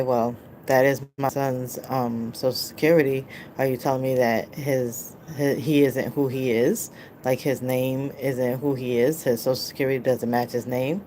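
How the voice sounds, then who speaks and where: Very low-voiced woman telling a story. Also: darkish tone, a little hiss or hum. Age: adult, mother of a child. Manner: rambling, filler-heavy, recounts dialogue. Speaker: vlogger. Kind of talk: casual storytelling to camera.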